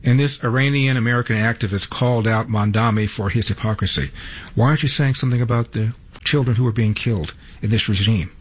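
A man reading scripted news introductions in a brisk way. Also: fairly low pitch, slight background noise. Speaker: news host.

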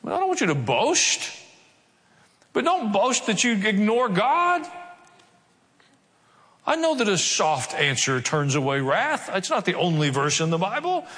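A man preaching from scripture in a fairly high voice, slipping into wry jokes and quick put-on voices between verses. His words ring out with a long reverb through a large church hall. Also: wildly swooping pitch, fairly bright tone. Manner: humorous asides with mock voices. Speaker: pastor. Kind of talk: sermon.

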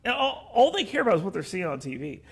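Animated raspy man hosting a political show. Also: high-pitched, fast talker, faint music behind. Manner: animated, incredulous, laughing asides. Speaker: host.

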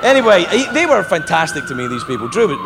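A man from England performing a stand-up comedy set on a theater stage, telling stories in an animated way and mocking the voices he puts on. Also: sits high, quick pace, vocal fry, in a large hall. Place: theater stage before a live audience. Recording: live venue with loud crowd noise.

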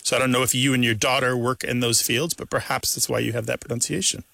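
Male call-in show co-host, gravelly bright tone, dry studio sound, eager explainer. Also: medium pitch, quick pace, no echo. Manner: lecturing, animated explainer. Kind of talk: explanatory radio chat with a caller.

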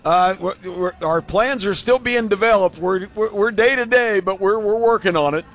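A man's voice: high voice, moderate pace, fairly bright tone. A man co-hosting a talk radio show, speaking casually and repeating words as he hesitates.

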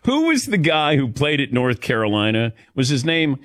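A man's voice: medium pitch, sing-song, normal speed, fairly bright tone, dry recording, clean studio sound. A middle-aged man from the American Midwest hosting a sports talk radio show, chatting and telling stories with easy laughs. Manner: chatty storyteller, laughs easily, calls on co-hosts by name.

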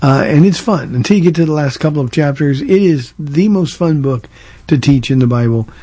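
Taking listener calls on his radio show, a Southern California church pastor speaks in a fairly high, lively voice at a brisk clip, mellow and slightly rough. The recording is dry. His casual Q&A answers are earnest and conversational, full of restarts.

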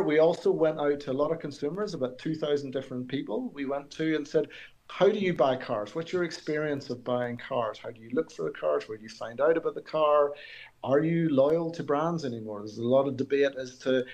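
A man's voice: mid-range voice, darkish tone. A man, a company executive, answering radio interview questions earnestly with frequent restarts. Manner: hesitant restarts, earnest explaining.

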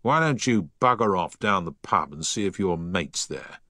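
A man's voice: sits low, animated, moderate pace, pushed and bright, no room sound, clean studio sound, exaggerated voice. A man voicing a curt, dismissive dockyard foreman in a story reading. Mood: blunt.

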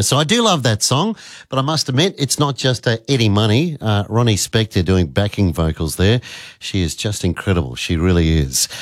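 An Australian man in middle age hosts a morning radio show. He chats easily, laughs at himself, and his pitch swings widely as he talks. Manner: chatty, laughing often, self-deprecating. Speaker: radio host. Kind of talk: casual breakfast radio chat.

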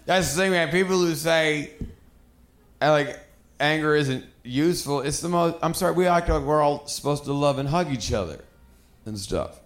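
Ranting, profane stand-up comedian. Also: male voice, on the high side, lively intonation, moderate pace. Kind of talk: stand-up set. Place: comedy club stage. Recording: echoey club with crowd laughter.

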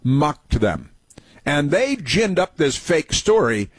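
A man's voice: a little high, very animated, takes it slowly, slightly rough, no echo. A man hosting a political talk radio show, sarcastic and mocking, with many hesitant fillers.

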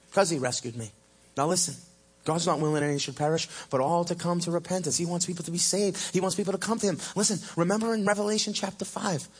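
A pastor preaches at a church service, his slightly rough voice swinging from loud, emphatic peaks down to low, hushed lines. He draws out key phrases slowly for effect.

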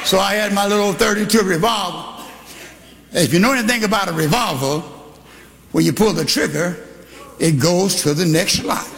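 An older man preaching a sermon, telling a story and shouting to a congregation in call-and-response. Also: high-pitched, moderate pace, pauses often. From Texas. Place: church hall. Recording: live in a reverberant church with congregation.

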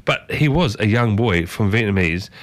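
A man's voice: lowish voice, expressive, moderate pace, no echo. Chatty radio host man. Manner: chatty and folksy, quizzes listeners with strings of questions. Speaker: radio breakfast show host. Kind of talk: casual radio chat.

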